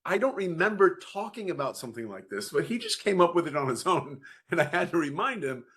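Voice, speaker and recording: A man in his thirties, a guest in an interview, telling family stories in a lively way and acting out the dialogue. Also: on the high side, a little fast. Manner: animated storyteller, acts out dialogue. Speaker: guest parent. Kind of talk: conversational interview storytelling.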